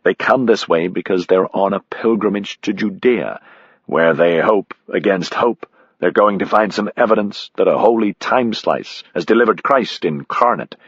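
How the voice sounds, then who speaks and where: A man's voice: on the low side, moderate pace, slightly rough, no echo, dull audio. A man voicing a blunt, sardonic American man.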